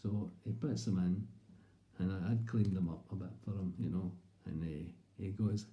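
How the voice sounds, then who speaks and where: Scottish man, comic storyteller, rambling and chatty, lower voice, dark tone, roomy echo. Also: fairly even intonation, moderate pace, highs cut off. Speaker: comedian.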